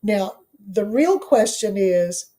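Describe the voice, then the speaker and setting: A woman's voice: medium pitch, lively intonation, takes it slowly, mellow. A middle-aged woman from Washington, D.C., a law professor and author, telling her story in an interview, earnest and emphatic, repeating phrases for weight.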